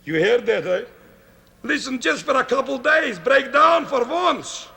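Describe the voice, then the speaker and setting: A man's voice: very high-pitched, lively intonation, unhurried, gravelly, bright, forceful tone, slight background noise, exaggerated voice. An actor playing a jokey, dog-loving pet expert in a 1970s children's TV sketch, folksy and chuckling at his own jokes. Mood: chatty. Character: chatty male pet expert, jokey, fond of dogs.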